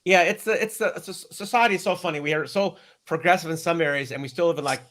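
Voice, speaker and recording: An American man chatting as a guest, his voice sitting a bit high for a man. He is animated and joking, laughing easily between points. It is loose, casual talk. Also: quick pace. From United States. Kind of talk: casual chat.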